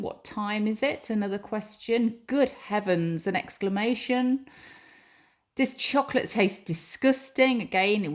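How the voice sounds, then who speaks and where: A woman teacher giving a recorded lesson, patiently reading example sentences aloud and explaining each one. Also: mid-range voice.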